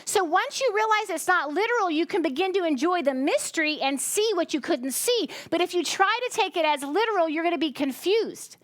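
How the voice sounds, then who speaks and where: A tired woman from the United States preaches a chatty, conversational sermon in a very high voice with lively intonation. She talks fairly quickly with few pauses, breaking off to ask the congregation questions, and the recording is dry.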